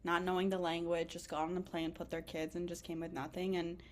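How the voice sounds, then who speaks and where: A woman's voice: lowish voice, a little fast. A young woman in her twenties, a physician assistant student, talking as a podcast guest in a chatty, emotional way with many fillers. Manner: emotional, animated, lots of fillers and laughter. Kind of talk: casual interview chat.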